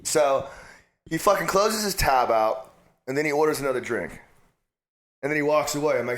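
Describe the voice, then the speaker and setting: A man's voice: a little high, expressive, normal speed, pauses often, fairly bright tone. A man, a guest on an interview show, telling stories in casual chat with heavy swearing and laughing asides. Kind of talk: casual storytelling. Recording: roomy echo.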